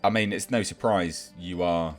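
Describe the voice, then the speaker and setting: A deep-voiced man delivers a sarcastic, exasperated rant as a commentator, mocking and scoffing as he goes. Faint music sits quietly behind his voice. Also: normal speed. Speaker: YouTube film commentator. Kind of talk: ranting commentary.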